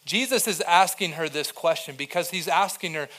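A young adult male pastor preaching a sermon in a conversational way, moving between soft, quiet passages and emphatic, louder points. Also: on the high side, normal speed, hardly any pauses.

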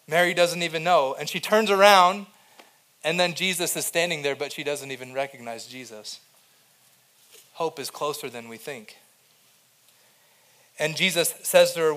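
A young adult male pastor preaching a sermon in a conversational way, moving between soft, quiet passages and emphatic, louder points. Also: high-pitched.

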